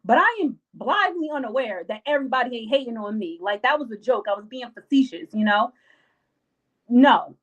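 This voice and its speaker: A woman's voice: fairly high pitch, lively intonation, fairly quick, highs cut off. Emphatic slangy woman giving live advice. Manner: emphatic, repetitive, slangy, acts out friends' lines. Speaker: live-stream host giving life advice. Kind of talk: casual advice monologue on a live stream.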